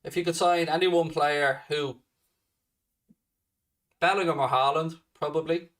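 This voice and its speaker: A man's voice: a little high, steady tone, unhurried, a bit bright, far from the mic. A man hosting a fan channel, answering viewer questions in a blunt, sweary, casual chat.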